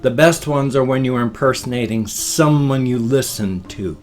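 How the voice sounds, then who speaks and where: A man in his fifties talking casually to his viewers, stretching words and leaning on odd syllables for fun. His pitch sits in an ordinary middle range. Soft music plays faintly behind him. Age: 50s. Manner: playful odd emphasis, drawn-out words. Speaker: vlogger. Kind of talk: casual chat to camera.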